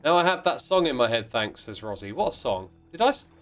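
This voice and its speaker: A man's voice: mid-range voice, sing-song, a little fast, soft background music. A man hosting a game livestream in casual chat, reading out viewer messages in a playful, mock-indignant way with sudden exclamations. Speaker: livestream host playing a block-building game.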